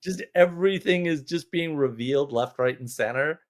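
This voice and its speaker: Animated, exasperated man hosting a livestream. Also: a little high, moderate pace. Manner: animated, exasperated, rambling with laughs. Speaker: livestream host. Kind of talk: casual livestream chat.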